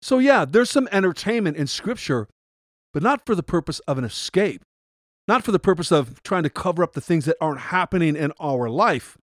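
A middle-aged man hosting a Christian devotional podcast, talking earnestly in a preachy way and building up to shouted rhetorical questions. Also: a little high, expressive, normal speed, dry recording, studio quality. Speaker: podcast host.

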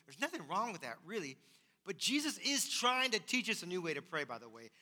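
Pastor, man, high bright voice, emphatic sermon delivery, long hall reverb. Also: very animated, fairly quick. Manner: emphatic, repeats key phrases.

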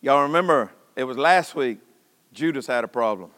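A man preaching a sermon in a church, folksy and impassioned, swinging from shouts to hushed tones. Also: mid-range voice, expressive, normal speed. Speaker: pastor. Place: church sanctuary. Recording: long hall reverb.

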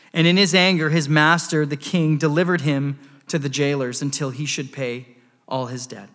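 Guy preaching a sermon, kinda high voice, keeps restarting words, long echo in the hall. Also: flat delivery, moderate pace, a bit bright. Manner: earnest preaching with repeated restarts. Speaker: pastor.

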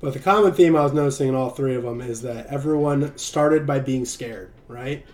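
A man's voice: medium pitch, moderate pace, a little mellow, faint music behind. A man hosting a livestream and preaching casually, loose and joking, with frequent "right?" tags. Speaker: livestream host.

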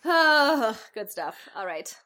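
A woman's voice: a little high, very animated, slow pace, sharp tone. Giggly woman podcast host chatting, voice swoops all over the place. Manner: giggly and playful. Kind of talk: casual chat.

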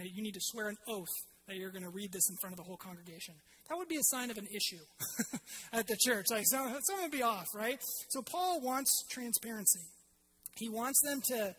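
A woman's voice: mid-range voice, fairly bright tone, slight background noise, rough recording. A woman preaching a sermon to her congregation in a conversational way, with fillers and restarts.

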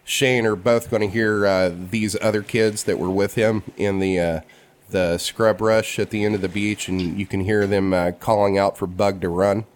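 A man narrating as game master in a tabletop game, in a relaxed way with many fillers. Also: fairly low pitch, normal speed.

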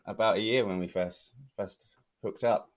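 A young man from southern England with a southern English accent, chatting casually as a podcast guest, self-deprecating and quick to laugh. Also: lowish voice, steady tone. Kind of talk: casual chat.

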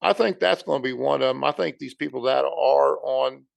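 A man's voice: mid-range voice, moderate pace, vocal fry, no room sound. A man co-hosting a podcast, talking in a rambling, conversational way and saying "dude" often. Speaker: podcast co-host. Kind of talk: casual chat.

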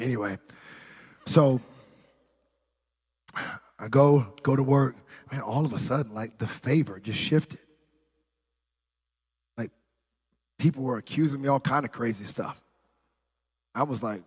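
A man's voice: medium pitch, measured pace, long pauses, a little mellow, husky. Storytelling male preacher in a hall. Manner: conversational storytelling with quoted voices and asides. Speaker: pastor. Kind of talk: sermon.

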